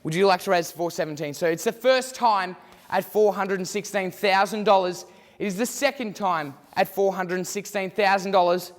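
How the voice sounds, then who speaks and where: A man's voice: high-pitched, normal speed. A man calling bids in a theatrical mock auction, repeating his prompts to the crowd. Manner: theatrical, repetitive bid calling. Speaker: student auctioneer. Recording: long hall reverb.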